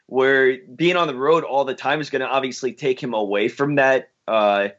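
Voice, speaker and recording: A hesitant man co-hosting a podcast, at mid pitch, often restarting his sentences. The recording sounds a little dull and lo-fi. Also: fairly even intonation, normal speed, a bit bright. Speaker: podcast co-host. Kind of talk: casual chat.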